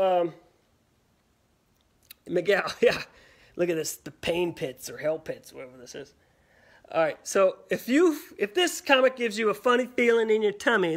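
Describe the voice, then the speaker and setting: A man hosting a live shopping stream, chatting casually and jokingly with lots of fillers as he pitches products. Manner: rambling, jokey, filler-heavy. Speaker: livestream shopping host. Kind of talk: casual sales pitch chat.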